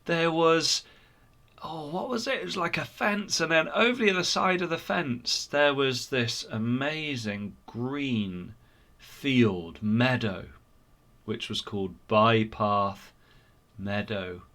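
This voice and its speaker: Guy telling a kids story at church, slow, gravelly, animated. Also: mid-range voice. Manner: animated, expressive. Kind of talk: retelling a story for children.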